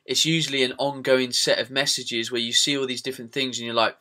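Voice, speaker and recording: Bright, chatty British man. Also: medium pitch, steady tone, brisk, few pauses. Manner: chatty, swears casually, many fillers. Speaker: podcast host. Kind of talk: casual podcast chat.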